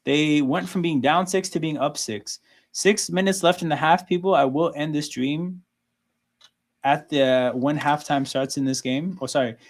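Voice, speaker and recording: A man's voice: a little high, a little slow. A man hosting a casual sports watchalong livestream, talking loosely and filling his talk with "like" and "right?". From Canada. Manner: loose, conversational, frequent "like" and "right?". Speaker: livestream host.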